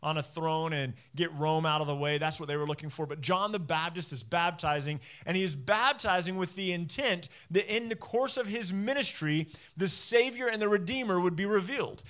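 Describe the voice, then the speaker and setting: A male pastor giving a conversational sermon, acting out Bible figures in casual modern speech and swinging between loud bursts and low, quiet stretches. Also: moderate pace, hardly any pauses.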